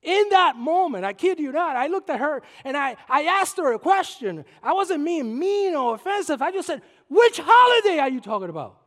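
High-voiced preacher in a hall. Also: male voice, lively intonation, normal speed, few pauses. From Puerto Rico. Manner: storytelling that swings from soft asides to shouted climaxes. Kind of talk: sermon. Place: church sanctuary. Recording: long hall reverb.

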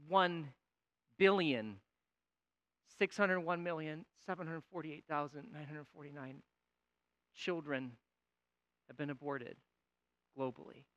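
A man preaching a sermon, swinging between loud, pleading outbursts and quiet, weighty emphasis. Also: on the high side. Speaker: pastor.

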